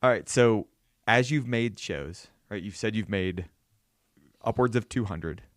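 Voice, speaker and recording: A male podcast host interviewing a guest, building up his questions by listing points before he asks. His voice is very deep. It is recorded dry and close, with no room sound. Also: unhurried, dry recording. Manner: probing, lists points before asking. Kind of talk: casual interview chat.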